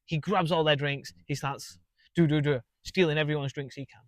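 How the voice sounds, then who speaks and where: Young manchester guy, lively storyteller, kinda high voice, dry close mic. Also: moderate pace, no room sound. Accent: Mancunian English. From England. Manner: animated, laughing storyteller. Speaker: guest comedian. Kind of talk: casual storytelling.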